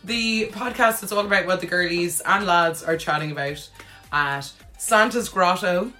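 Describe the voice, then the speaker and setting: A woman's voice: fairly low pitch, moderate pace, pushed and bright, faint music behind. A young woman co-hosting a podcast in casual chat, telling stories and laughing often. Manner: chatty storyteller, laughs often. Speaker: podcast co-host.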